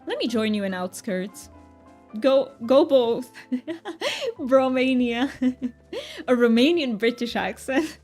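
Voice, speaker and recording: A woman's voice: sits high, sing-song, takes it slowly, long pauses, a little mellow, faint music behind. A woman streamer chatting casually while gaming, reading her chat aloud, answering viewers and laughing often.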